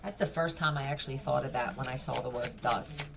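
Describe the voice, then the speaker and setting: A woman's voice: rumbling low, brisk, creaky, noisy background. A woman giving a casual tarot reading, blunt, profane and mocking. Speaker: tarot reader.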